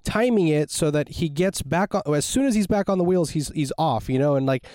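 A laid-back man hosting a casual chat, his slightly high voice mellow and soft-edged. He talks loosely, full of slang and fillers. The sound is dry and close, with no room echo. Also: expressive, brisk.

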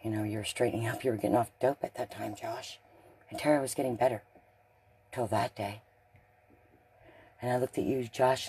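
A man giving a blunt, profane, emotional monologue addressed to others, swinging between loud and hushed. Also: medium pitch, steady tone, brisk, pauses often, slight background noise. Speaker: speaker in a recorded video message.

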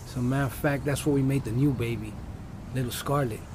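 A man's voice: mid-range voice, fairly even intonation, fast talker, noisy background. A man, a rapper, telling a personal story in a loose, rambling, casual way with lots of fillers and swearing.

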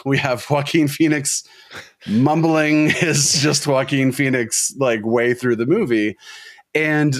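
A man's voice: medium pitch, no room sound, clean studio sound. A man co-hosting a film podcast, talking casually in a wry, rambling, analytical way. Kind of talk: casual discussion.

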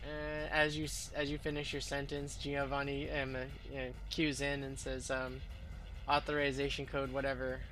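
A man's voice: mid-range voice, monotone, normal speed, few pauses, pushed and bright. A man narrating as game master of a tabletop game in a rambling way, full of fillers and restarts.

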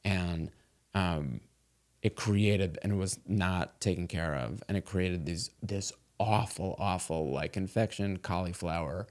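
Lower-pitched guy in his 40s, rambling chatty story with lots of likes and restarts. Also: a little slow. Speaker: guest. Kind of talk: casual chat.

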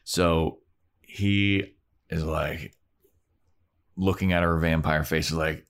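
A man co-hosting a podcast, casually recapping an episode and briefly acting out the characters' lines as he goes. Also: low voice. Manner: relaxed storytelling, acting out characters in quick impressions. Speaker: podcast co-host.

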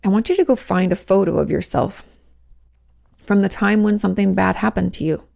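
A woman's voice: mid-range voice, fairly quick, vocal fry, darkish tone. A woman therapist hosting a podcast, talking frankly and casually with lots of "like" fillers. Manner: conversational, frank, many "like" fillers. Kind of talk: casual advice talk.

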